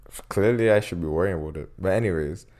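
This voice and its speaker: A man's voice: low voice, fast talker, a little mellow. A young adult man co-hosting a podcast, chatting in a laid-back, playful way with teasing banter. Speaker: podcast co-host. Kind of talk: casual chat.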